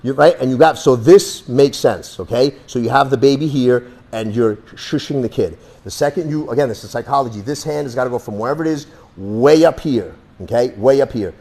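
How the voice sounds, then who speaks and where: A male self-defense instructor walks his students through a demonstration in a blunt, streetwise way, swearing casually as he explains each move. His voice sits at an ordinary middle pitch. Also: fairly quick, hardly any pauses, mellow. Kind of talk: hands-on demonstration lesson.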